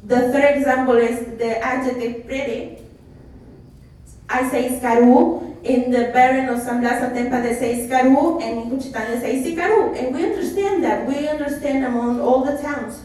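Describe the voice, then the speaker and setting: A Mexican-accented woman explains Zapotec teaching in a halting presentation full of restarts and fillers. Her voice sits high, and the recording is heavily echoey and picked up from a distance. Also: steady tone, a little mellow. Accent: Mexican Spanish. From Isthmus region of Oaxaca, Mexico. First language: Spanish and Zapotec. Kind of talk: presentation talk. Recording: echoey room, voice from far off.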